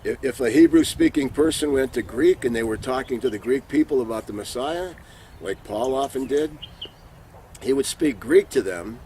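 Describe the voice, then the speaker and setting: A man talks through a scripture lesson in a plain, mid-pitched voice, earnest and unhurried, circling back to repeat each point. Faint outdoor noise sits behind him. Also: darkish tone. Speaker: Bible teacher. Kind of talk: informal religious teaching. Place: sitting somewhere in Israel.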